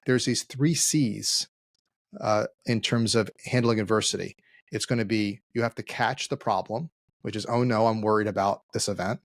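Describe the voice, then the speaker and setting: A man co-hosting a casual business podcast, telling stories and acting out quoted dialogue with lively energy. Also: on the low side, moderate pace, dry recording, studio quality. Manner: animated storyteller, acts out quoted dialogue. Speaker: podcast co-host, CEO.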